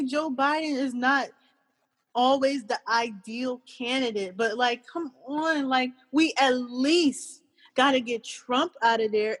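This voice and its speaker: A woman's voice: sits high, husky. A young woman in casual group chat, ranting in an exasperated way. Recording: long hall reverb.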